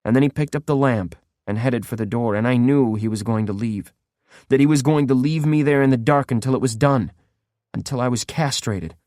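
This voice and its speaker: A man narrating a horror audiobook in steady first-person storytelling. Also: mid-range voice, fairly quick, no echo, studio quality.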